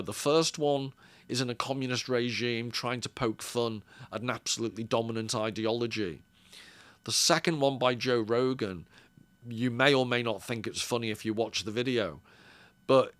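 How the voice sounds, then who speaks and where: A man talks through his argument in an unhurried, reflective way, often stopping to qualify or rephrase a point. His voice sits in a middle register. The recording is dry, with no room echo. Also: mid-range voice, fairly bright tone. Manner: thoughtful, measured, hedging with self-corrections. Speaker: video essayist. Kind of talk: unscripted commentary to camera.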